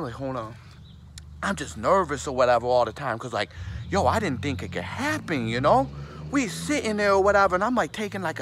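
Rambling high-voiced man, lively swings. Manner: rambling, repeats "for real" and "or whatever". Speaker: comedic character monologue. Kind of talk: comedic sketch monologue.

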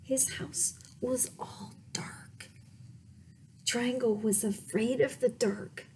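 Slow, playful woman reading aloud. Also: fairly high pitch, steady tone, dark tone, whispered. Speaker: children's librarian reading aloud. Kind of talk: storytime read-aloud.

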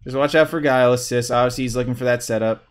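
A young man livestreaming a fighting game, commenting excitedly, trash-talking opponents and whooping at big hits, with keyboard clicks behind him. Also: medium pitch, rapid-fire, clear, resonant tone. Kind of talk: live gameplay commentary.

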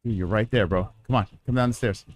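A man's voice: fairly low pitch, quick pace. A man giving live, profane commentary while playing a video game, yelping, cursing and laughing at what happens on screen. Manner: excitable, swears often, yelps and laughs at the game. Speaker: livestreaming gamer.

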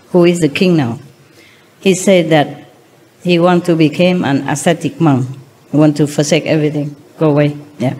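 A woman's voice: low voice, mellow, a little hiss or hum. A woman teacher giving a spiritual lecture, retelling religious stories in simple non-native English and chuckling often.

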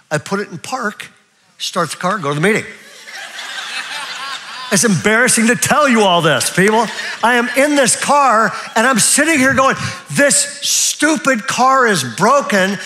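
An older man preaching in a church, his voice pitched high for a man and ringing bright and forceful. He talks to the crowd in a loose, conversational way, often stopping to check that they are with him. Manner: lively, chatty preaching with frequent check-ins. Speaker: pastor. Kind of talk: live sermon. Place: church auditorium.

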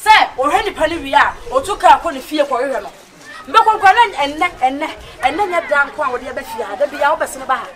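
A Ghanaian woman acting a fiery young woman who scolds her lover in a film drama, insistent and sharp. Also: sits high, lively intonation, a little fast, a faint crowd. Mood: scolding. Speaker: actor.

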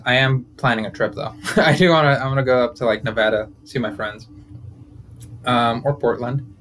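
Young male comic, casual rambling podcast monologue, mid-pitched, wisecracking and self-interrupting. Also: a bit bright, a little hiss or hum. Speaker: comedian and podcast host.

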